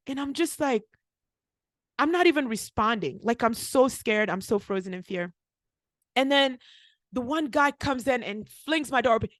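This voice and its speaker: High-voiced woman telling a story. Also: normal speed, no room sound. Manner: animated, acts out quotes, frequent "like". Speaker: podcast co-host, pharmacist. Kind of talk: casual storytelling chat.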